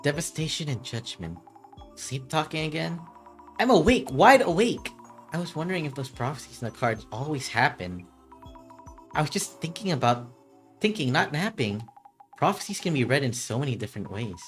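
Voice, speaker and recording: A streamer on a live stream, reading out a mystery game's dialogue and switching between character voices. The delivery is animated, with pitch jumping widely from line to line. Faint music plays underneath. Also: a little fast.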